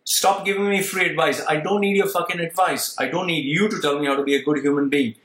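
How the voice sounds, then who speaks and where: A man's voice: fairly high pitch, fairly even intonation, fast, a bit bright. Blunt man talking to viewers, roomy echo. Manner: blunt and emphatic, repeats himself. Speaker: vlogger. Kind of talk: candid monologue to viewers.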